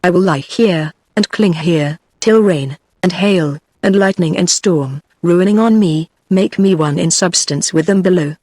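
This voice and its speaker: A text-to-speech woman's voice with a British English accent, reading the lines of a grief-crazed, bitter old male astronomer in an even, synthetic way. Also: lowish voice, unhurried, few pauses, no echo. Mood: wild grief. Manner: even synthetic reading, little change between characters.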